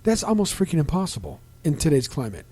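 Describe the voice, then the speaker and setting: A middle-aged man hosting a casual podcast, talking in a halting, rambling way with many restarts and fillers, livening up when he quotes other people. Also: fairly high pitch, big pitch swings, warm tone. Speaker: podcast host. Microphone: desk microphone.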